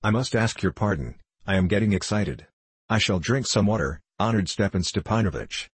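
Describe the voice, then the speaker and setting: Jittery, fretful suitor in his thirties, read by a man with a deep, husky voice for an audiobook play. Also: expressive, moderate pace, no echo. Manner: fretful, flustered, stumbling over words. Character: nervous 35-year-old male suitor, anxious and hypochondriac.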